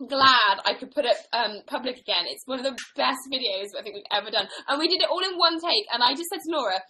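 A woman's voice: fairly high pitch, quick pace, bright, forceful tone, slight background noise, low-quality recording. A young woman co-hosting a casual livestream, giggly, playful and teasing. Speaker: livestream co-host. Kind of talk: casual chat.

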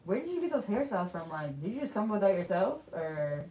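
A woman's voice: mid-range voice, big pitch swings, quick pace, reverberant, noisy background. A woman from California chatting casually and agreeably while getting her hair braided. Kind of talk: casual chat.

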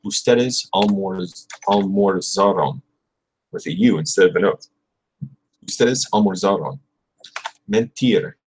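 A man with a fairly low, husky voice talks casually on a livestream. He rambles and corrects himself as he studies. He repeats verb forms over and over, slowly and with care. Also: a little mellow, low-quality recording. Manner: drills verb conjugations aloud, repeating words slowly; rambling, self-correcting, chatty with viewers. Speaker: livestream host studying Spanish. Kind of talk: casual livestream, thinking aloud.

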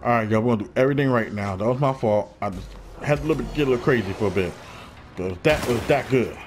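A man's voice: mid-range voice, quick pace, a little hiss or hum. A man doing casual gameplay commentary, trash-talking and slangy, swinging from hyped to frustrated. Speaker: gaming YouTuber.

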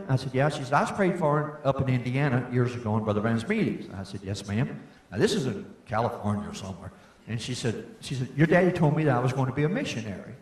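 An older man giving a folksy testimony sermon, rising to fervent shouts. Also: mid-range voice. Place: church meeting hall. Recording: echoey hall.

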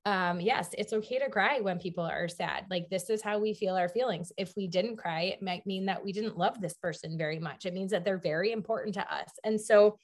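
An earnest woman talking on a community panel about parenting, her pitch sitting in an ordinary middle range. She leans on fillers like "um" and "like" as she thinks aloud, in a loose, conversational way. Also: fairly quick, hardly any pauses. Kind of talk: panel discussion.

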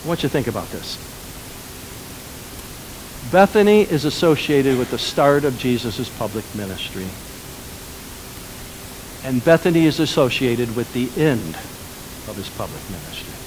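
A man pastor preaching a sermon, swinging between loud, emphatic lines and quiet, lowered ones. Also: big pitch swings, moderate pace, long pauses, slight background noise, rough recording.

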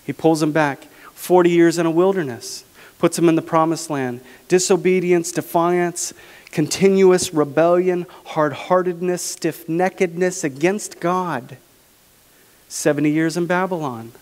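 A male pastor preaching a sermon, reading scripture aloud and slowing down to stress key phrases. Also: a little high, steady tone, darkish tone. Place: church sanctuary. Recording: church hall reverb.

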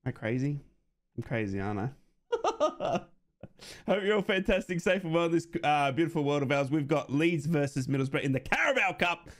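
Aussie guy, fan streamer, lively, chatty, fairly high voice. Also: a little fast. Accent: Australian. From Australia. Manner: chatty, excitable, laughs often. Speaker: football fan streamer hosting a watch-along. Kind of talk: excitable live fan commentary.

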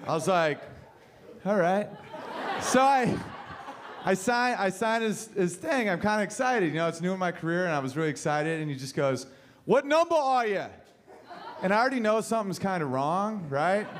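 A man's voice: high-pitched, animated, moderate pace. A man performing a stand-up set on a comedy club stage, telling loose, rambling stories and swearing freely. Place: comedy club stage before a live audience. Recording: live club recording with crowd and noise.

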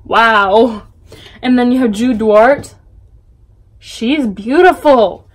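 A woman excitedly unboxing a package in her bedroom for a casual book vlog, gushing and chatty. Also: on the high side, extremely slow. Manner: gushing, chatty, full of little gasps and exclamations. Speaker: book vlogger.

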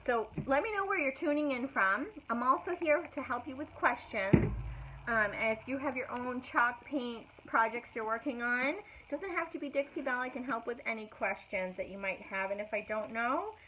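A woman's voice: fairly high pitch, expressive, normal speed. A middle-aged woman, chatting casually as she demonstrates furniture painting on a live stream, full of fillers and greetings. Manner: chatty, many fillers, greets viewers by name. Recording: tinny phone-like audio with faint noise.

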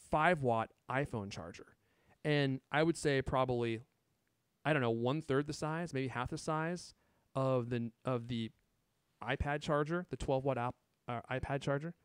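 A man hosting a casual tech podcast, excitedly showing off gadgets and chatting. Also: mid-range voice, smooth, dry recording, studio quality. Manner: excited, shows gadgets on camera. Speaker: podcast host.

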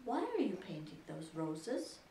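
A woman reading aloud, voicing a timid and polite young girl in a soft, hesitant way. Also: on the low side, huge pitch swings, a little slow, reverberant, recorded from a distance, a little hiss or hum, heavily acted.

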